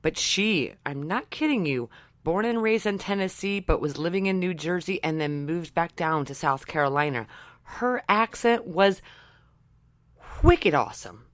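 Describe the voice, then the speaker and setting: Low-pitched woman podcaster, dry sound. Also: animated, measured pace, no echo. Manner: enthusiastic, swears casually, lots of fillers. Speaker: podcast co-host. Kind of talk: casual chat.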